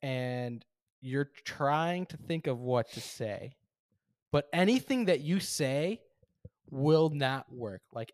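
A man's voice: mid-range voice, animated, slow pace, a little mellow, dry recording, studio quality. A young man co-hosting a podcast, teasing and laughing as he spins hypotheticals. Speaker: podcast co-host. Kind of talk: casual podcast conversation.

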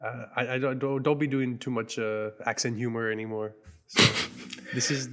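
A man's voice: mid-range voice, little pitch movement, normal speed. A man co-hosting a podcast, chatting casually and rambling with hesitant restarts. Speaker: podcast co-host. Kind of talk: casual chat.

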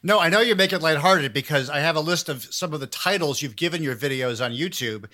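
A man's voice: a little high, expressive, fast, few pauses, pushed and bright. A man hosting a comedic interview, talking in a dry, mock-grandiose way, as if he made humanity. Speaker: podcast host.

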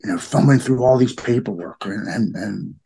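A middle-aged man talking earnestly in a podcast conversation, halting and repeating his words. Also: on the low side, vocal fry, dark tone, slightly rough.

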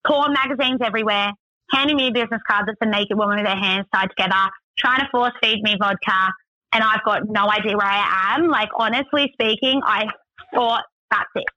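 A woman's voice: mid-range voice, brisk, sharp tone, no echo, rough recording. An Australian woman telling a story as a guest in casual chat, full of "like" fillers. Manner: chatty, many "like" fillers.

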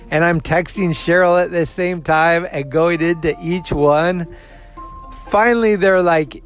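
Guy with a kinda high voice telling a story, acts out everybody's lines, swears, laughs at himself, a little music in the back. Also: a little slow. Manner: animated, acts out the other people's lines. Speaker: show host. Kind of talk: casual storytelling monologue.

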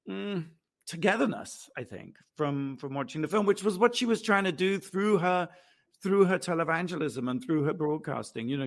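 A man co-hosting a podcast, talking about a film in a reflective, earnest way. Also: a little high. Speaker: podcast co-host. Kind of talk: casual chat, film review.

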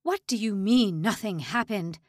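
A woman's voice: mid-range voice, lively intonation, a little slow, dry recording, clean studio sound, lightly acted. A woman voicing a cruel male prison official with a nasal voice who rages and mocks. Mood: raging. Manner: raging, mocking.

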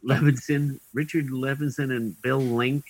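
A man's voice: medium pitch, steady tone, unhurried, low-quality recording. A man being interviewed as an actor, telling long anecdotes in a wry, chatty way with dry comic timing, many fillers and restarts. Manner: dry comic timing, chuckling at his own punchlines. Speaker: actor guest.

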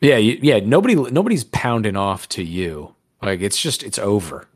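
A man's voice: on the low side, expressive, moderate pace, no echo, clean studio sound. A man hosting a podcast in casual chat, crude, rambling and joking. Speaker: podcast host.

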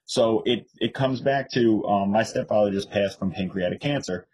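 Husky animated New man. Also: on the low side, moderate pace, poor audio. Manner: animated storyteller, mimics others in raised voice. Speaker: podcast co-host. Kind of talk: casual political chat.

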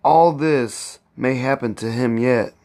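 A desperate young husband, mournful and resolute in his earnest speech, as read by a male narrator. The delivery is slow and heavy, in a medium-pitched voice. It is a storybook reading. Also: darkish tone. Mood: bitter.

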